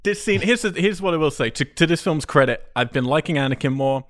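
A man in a casual podcast chat, reviewing a film with animated, exaggerated complaints. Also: on the high side, quick pace. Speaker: podcast co-host.

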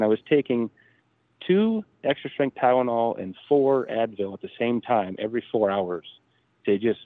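A man in his thirties, a drag racer appearing as a podcast guest, tells a personal story casually in a lowish voice. The audio is a tinny phone line with no room sound, and he retells it animatedly, acting out the quoted dialogue.

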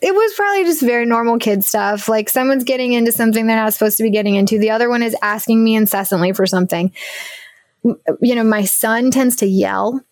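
A young adult woman speaking earnestly and reflectively in a candid faith conversation, with soft laughs and a teary edge. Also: fairly high pitch, quick pace, no echo.

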